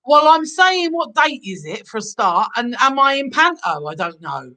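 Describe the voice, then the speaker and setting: Woman guest, high voice, bright tone, playful chatty. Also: very animated, moderate pace, low-quality recording. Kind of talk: casual chat.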